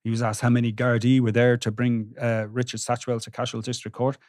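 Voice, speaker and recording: A man, a court reporter recounting trial testimony on a podcast with halting restarts. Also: medium pitch, flat delivery, darkish tone, dry recording, clean studio sound. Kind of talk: podcast discussion.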